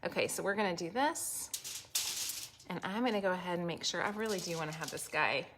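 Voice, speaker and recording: In her home kitchen, a cooking vlogger with a lowish voice gives a casual cooking demonstration, talking fairly quickly over some background noise. She chats straight to viewers and jokes at her own expense.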